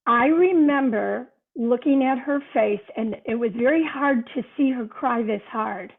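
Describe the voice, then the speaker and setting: A woman's voice: on the high side, unhurried, creaky. An older woman, a guest author, telling a personal story in an earnest way during a podcast conversation. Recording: tinny phone-line sound.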